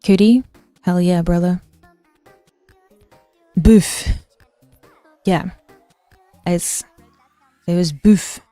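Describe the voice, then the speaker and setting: A woman's voice: lowish voice, steady tone, extremely slow, pauses often, warm tone, dry recording, soft background music. A woman streamer ranting casually about history, chatty and swearing, answering her chat as she goes.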